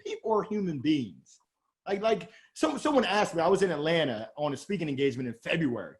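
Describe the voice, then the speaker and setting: A middle-aged man with a Southern drawl from Alabama, talking as a guest in an interview, animated and exuberant, joking about himself. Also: sits high. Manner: animated, exuberant, quick jokes. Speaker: guest sales coach. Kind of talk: energetic interview talk.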